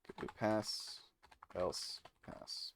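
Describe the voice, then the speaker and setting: A man streaming live, reading code aloud and musing to chat with many pauses and fillers. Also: slight background noise. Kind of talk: casual live-stream chat while coding.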